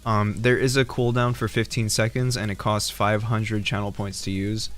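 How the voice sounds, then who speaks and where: A man's voice: lowish voice, flat delivery, moderate pace. Giggly, joking male streamer. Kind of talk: casual chat. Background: faint background music.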